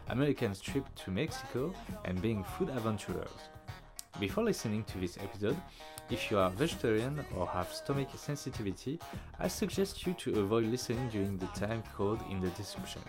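A male podcast host reading a scripted intro in a welcoming tone. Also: lowish voice. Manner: reads an announcement in a welcoming tone. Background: guitar music.

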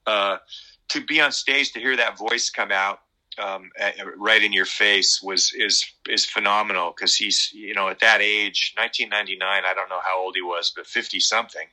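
A middle-aged man talking in a casual interview, rambling and halting with many fillers and restarts. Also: on the low side, fairly even intonation, pushed and bright, rough recording. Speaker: guest musician.

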